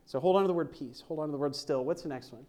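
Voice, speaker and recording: A man's voice: fairly high pitch, very fast, dark tone. A man preaching a sermon at a church service, conversational and joking as he reads scripture aloud.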